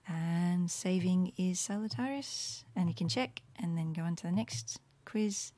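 A woman giving a casual, rambling screen walkthrough of her Latin study resources, with many fillers and soft murmured asides. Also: on the low side, fairly even intonation, a little slow, hardly any pauses. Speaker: Latin teacher making resources.

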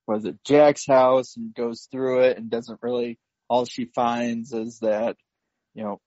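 A man co-hosting a podcast, slowly recapping a film plot in casual chat, with lots of fillers and laughs. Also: medium pitch, level tone, a little mellow, no echo, highs cut off. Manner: slow, rambling recap with frequent fillers and laughs. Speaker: podcast co-host.

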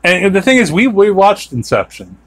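A man's voice: high voice, big pitch swings, normal speed. A man hosting a podcast, chatting casually and rambling with many fillers and restarts. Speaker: podcast host. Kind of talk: casual chat.

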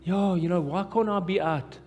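Preaching live in a church hall, this high-pitched, husky man with a darkish tone speaks at a normal pace in a South African accent shaped by Afrikaans. His sermon is impassioned and full of repeated phrases, captured with live hall reverb and music behind him.

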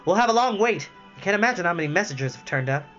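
A man's voice: sits high, expressive, racing, a bit bright, lo-fi sound, faint music behind, voice pushed up. A man doing a chirpy, smug tiny creature. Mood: brisk. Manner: chirpy, slightly condescending.

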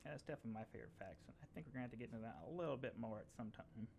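A man co-hosting a casual chat, making quick, joking remarks. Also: medium pitch, animated, darkish tone, slight background noise. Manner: quick, jokey, gravelly. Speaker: podcast co-host.

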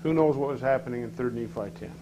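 A man's voice: mid-range voice, fast talker, noisy background. Man teaching a scripture class. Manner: questions the class and reads verses aloud with rising emphasis.

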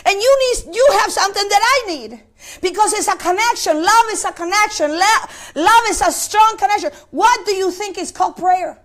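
A woman's voice: very high-pitched, normal speed, fairly bright tone. A woman preaching a sermon, asking the congregation questions and repeating words as she searches for the next phrase. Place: place of worship.

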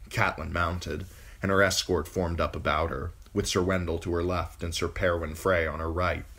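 A man reading a fantasy novel aloud as an amateur audiobook narrator, measured and steady. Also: low-pitched. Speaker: audiobook reader.

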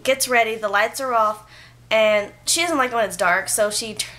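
A young woman with a fairly high voice tells a story straight to camera. She rambles in a loose, chatty way, with filler words everywhere. She perks up with animated energy as the story builds. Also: normal speed. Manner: chatty, filler-heavy with frequent "like"; animated when retelling. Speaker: vlogger. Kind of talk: casual storytelling vlog.

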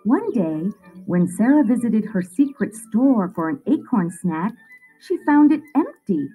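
Lively woman narrator for a picture book, music faint. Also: medium pitch, unhurried, low-quality recording. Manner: expressive storytelling. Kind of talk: children's story read-aloud.

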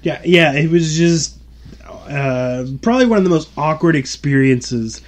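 A man's voice: fairly high pitch, lively intonation, measured pace. A man hosting a podcast who recounts stories in casual chat, hesitant and full of fillers. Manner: hesitant, filler-heavy, laughing. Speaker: podcast host.

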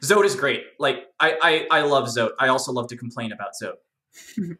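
A speaker explaining video game lore in a casual, animated discussion, chatty and jokey with many fillers and restarts. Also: mid-range voice, normal speed, echoey room.

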